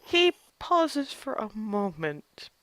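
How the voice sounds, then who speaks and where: A woman narrating a tabletop game as game master, telling the scene in a relaxed way with frequent restarts. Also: fairly high pitch, slow, no echo. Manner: relaxed storytelling with many restarts.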